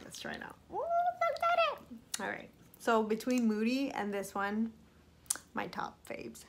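A young woman vlogger giving a bubbly, playful makeup review, talking straight to her viewers. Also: on the high side. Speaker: beauty vlogger.

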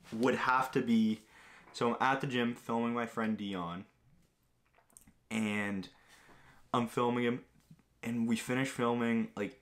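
A man's voice: medium pitch, fairly bright tone. Rambling young man from Greece. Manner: rambling, filler-heavy storytelling with lots of "like". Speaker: vlogger answering viewer questions. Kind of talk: casual chat.

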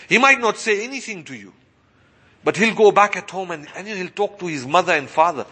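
A man's voice: a little high, expressive, normal speed, pushed and bright, husky. A man giving a sermon as an imam, asking his listeners rhetorical questions and repeating his points. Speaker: imam and preacher. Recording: long reverberant hall.

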